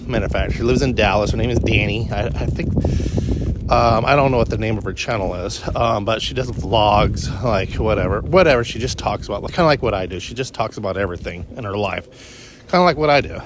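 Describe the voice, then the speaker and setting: A man's voice: lowish voice, brisk. Vlogger, male, rambling walk-and-talk delivery, loose and chatty, faint traffic behind. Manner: meandering, self-interrupting, frequent restarts. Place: outdoors on a morning walk.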